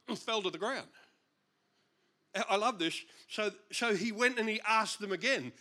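A man's voice: high voice, normal speed. A man with an Australian accent preaching a sermon, reading scripture aloud and joking with the congregation. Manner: animated, joking, chuckles often. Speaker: pastor.

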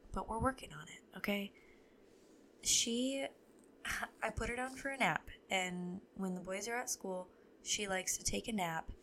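A woman's voice: medium pitch, creaky, a bit bright, a little hiss or hum. A young adult woman hosting a podcast, telling stories in a candid, profane, wry way. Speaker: podcast host. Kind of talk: casual storytelling chat.

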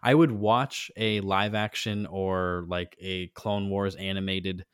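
Male co-host, relaxed and agreeable, lowish voice, dry studio sound. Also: clear, resonant tone, dry recording. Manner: easygoing, quick to agree, chatty. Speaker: podcast co-host. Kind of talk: casual fan chat.

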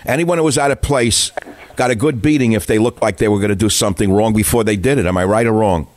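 A man's voice: lowish voice, fast talker, dry recording. An older man hosting a talk radio show, delivering opinionated monologues full of rhetorical questions and taking callers. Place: radio studio. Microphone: studio microphone.

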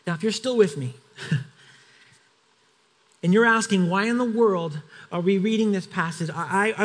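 Male pastor, high voice, sermon delivery that acts out scripture with feeling and talks straight to the congregation. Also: fairly bright tone. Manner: dramatic scripture reading with voiced characters; emphatic, conversational asides.

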